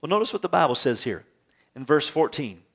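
Male pastor, lightly raised pitch, lively conversational sermon delivery to a live church. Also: a little fast. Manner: lively, conversational preaching with frequent rhetorical questions. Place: church service with congregation.

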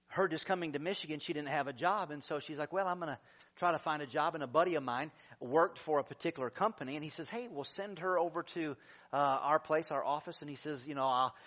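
Male pastor, high-pitched and animated sermon delivery, muffled lo-fi sound. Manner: animated, shouts praise and laughs while preaching.

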